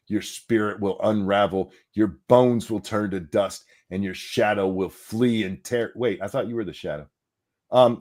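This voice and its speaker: A man's voice: lowish voice, a little mellow. A man co-hosting a podcast in casual chat, sardonic and profane, with frequent sighs. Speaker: podcast co-host.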